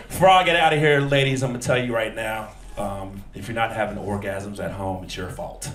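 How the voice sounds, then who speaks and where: This Texan comic does a stand-up set before a live club audience, doing crowd work and slipping into put-on voices for his characters. He speaks a little fast at a fairly low pitch, barely pausing, through a distant handheld stage mic. It's very noisy, with roomy acoustics and laughter from the crowd.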